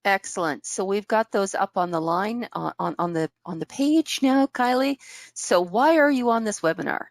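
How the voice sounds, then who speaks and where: The webinar host, a woman, has an expressive, medium-pitched voice and talks at a normal speed with no room sound. Her introduction on the video call involves reading the guest's bio and welcoming her warmly and brightly.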